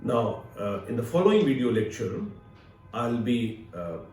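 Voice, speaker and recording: A male literature professor with an Indian English accent giving a recorded video lecture, measured and explanatory with frequent "uh" fillers. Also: medium pitch, sing-song, a little mellow, distant mic, faint music behind. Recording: echoey room, speaker away from mic.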